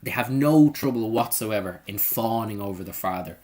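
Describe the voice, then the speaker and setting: A man teaching a live online revision lesson, talking casually and lively, often checking in with "okay?". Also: on the low side, moderate pace. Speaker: English teacher.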